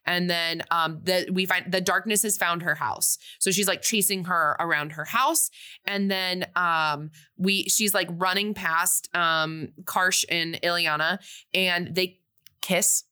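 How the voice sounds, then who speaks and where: A woman's voice: fairly low pitch, slow pace, clean tone. A young woman casually recapping a movie on a podcast, animatedly acting out the characters' lines. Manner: animated, acts out characters' lines in big voices. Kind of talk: casual chat.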